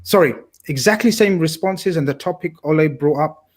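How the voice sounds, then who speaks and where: A man's voice: fairly high pitch, normal speed. A man talking football on a casual podcast, talkative and blunt, swearing casually. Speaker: podcast co-host.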